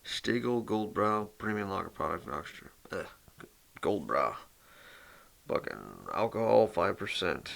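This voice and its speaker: A man's voice: on the low side, expressive, a little slow, gravelly, a bit bright. A man hosting his metal music channel in a rambling casual chat, cursing constantly and full of fillers.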